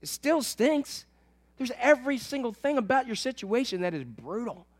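Pastor with a high, animated voice. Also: male voice, normal speed. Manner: animated, swings from loud emphatic to soft and low. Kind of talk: sermon. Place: church.

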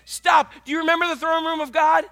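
A man's voice: extremely high pitch, little pitch movement, fairly quick, vocal fry, bright, forceful tone. A man pastor preaching an earnest, conversational sermon.

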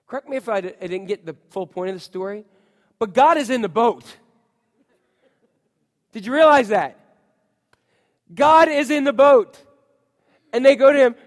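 A man preaching a sermon, telling the story in an animated way with voices, swinging from loud outbursts to hushed lines. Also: very high-pitched, normal speed, pauses often, in a large hall. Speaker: pastor.

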